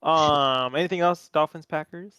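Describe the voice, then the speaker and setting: A young man with a fairly high voice hosts a casual sports podcast. He swears freely and tells the story in an animated way. The sound is dry and close. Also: normal speed, clear, resonant tone, no room sound. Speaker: podcast host.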